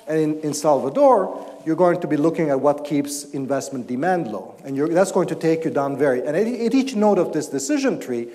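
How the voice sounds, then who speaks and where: A man, an economics professor, giving an explanatory academic talk and answering questions, often pausing and restarting his sentences. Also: a little high, warm tone, in a large hall. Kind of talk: academic lecture and Q&A. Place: lecture hall.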